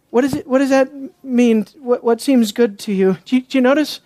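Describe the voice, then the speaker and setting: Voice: medium pitch, a little fast, few pauses, dry recording. Impassioned preacher with a dry close sound. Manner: emphatic, with rhetorical questions and hushed asides. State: worked up. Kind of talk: expository sermon.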